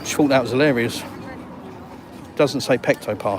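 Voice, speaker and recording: An English-accented man talks casually on camera while walking outdoors, holding his phone. His delivery is cheeky and slangy, full of teasing asides to viewers. Faint traffic hums behind him, and his pitch sits in a middle range. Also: moderate pace, pauses often. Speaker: vlogger. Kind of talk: casual walk-and-talk vlog. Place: outdoors on an urban seafront street.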